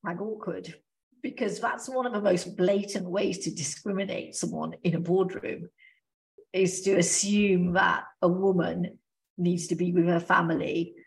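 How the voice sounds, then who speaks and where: A woman's voice: on the low side, fairly even intonation, unhurried, creaky. A woman co-hosting a casual podcast chat, thoughtful, working her ideas out aloud with restarts. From Australia. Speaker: podcast co-host.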